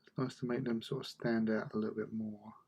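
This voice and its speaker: A man's voice: on the low side, flat delivery, a little fast, a little mellow, breathy edge. A man chatting casually while he paints miniatures, muttering to himself as he works. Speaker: hobby painter.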